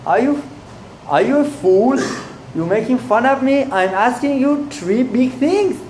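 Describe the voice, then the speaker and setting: Proud emperor, quick to anger, scolding sharply from up high, as a male preacher puts him on, roomy echo. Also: lively intonation, darkish tone, a little hiss or hum. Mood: indignant. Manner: indignant, scolding. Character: angry, proud male emperor, short-tempered.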